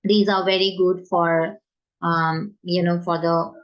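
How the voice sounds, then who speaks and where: A woman teacher with an Indian English accent, explaining an exam in an informal spoken lesson, often pausing with fillers and restarting her sentences. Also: lowish voice, little pitch movement, dull audio. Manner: hesitant, many fillers and restarts.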